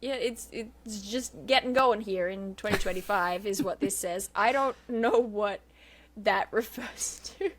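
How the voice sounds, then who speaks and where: A woman's voice: mid-range voice, measured pace. A woman guest on a casual podcast, wry and self-deprecating, reading out an ad segment and laughing often.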